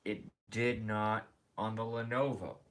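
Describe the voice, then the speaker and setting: A man's voice: lowish voice, flat delivery, unhurried, a bit bright, a little hiss or hum. A man streaming a rambling, profane rant in a casual monologue, emphatic and cursing freely.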